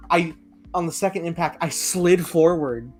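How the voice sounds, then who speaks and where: A man hosting a podcast, telling stories casually in an animated, joking way. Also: fairly high pitch, normal speed, soft background music. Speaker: podcast host. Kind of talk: casual chat.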